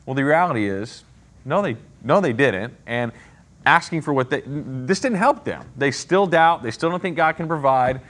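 A man leads a casual Bible study in a conversational way, often checking in with his listeners. His voice is animated and rises and falls widely in pitch. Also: moderate pace. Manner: conversational, frequent "right?" and "okay?" check-ins.

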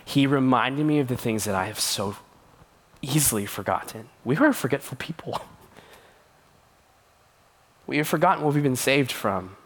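A man's voice: medium pitch, expressive, normal speed, pauses often, husky. A young man giving a sermon as a youth pastor, earnest and conversational, with playful asides.

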